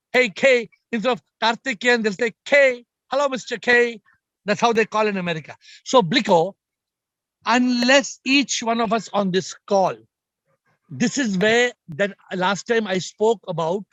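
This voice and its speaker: His voice is high and a bit bright, recorded without echo, as he gives a forceful spiritual talk over a group video call. The teacher goes over his points again and again, speaking directly to his audience.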